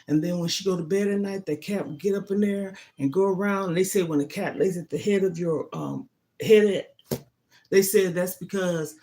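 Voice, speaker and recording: A woman's voice: mid-range voice, dark tone. Woman, middle-aged, livestream host, casual chat, emphatic, keeps saying okay.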